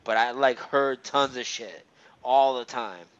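A man's voice: medium pitch, measured pace, a bit bright, smooth. A man telling a personal ghost story in casual chat, rambling, with lots of fillers and restarts. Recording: slightly dull, muffled recording.

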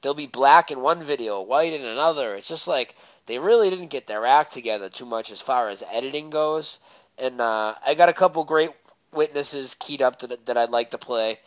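A man talking as a guest in a casual chat, animated and rambling, often laughing mid-sentence. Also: medium pitch, moderate pace. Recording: muffled lo-fi audio.

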